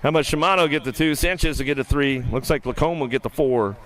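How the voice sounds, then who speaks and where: A man calling live BMX races play-by-play, rattling off riders' names and positions, then dropping lower and quieter to read results and lineups. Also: quick pace, a little hiss or hum, rough recording. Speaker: race announcer. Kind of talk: live BMX race commentary.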